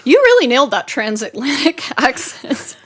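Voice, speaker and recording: A woman's voice: high voice, sing-song, normal speed, fairly bright tone, slightly rough. A woman co-hosting a podcast, telling her story in casual chat, laughing often and swearing. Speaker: podcast co-host.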